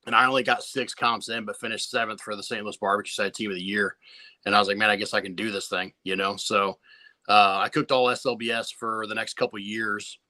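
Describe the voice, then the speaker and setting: A man's voice: fairly low pitch, flat delivery, quick pace, sharp tone, no room sound. A man who competes in barbecue, telling his story to a podcast host in a laid-back way, swearing freely and often restarting his sentences. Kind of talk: casual storytelling interview.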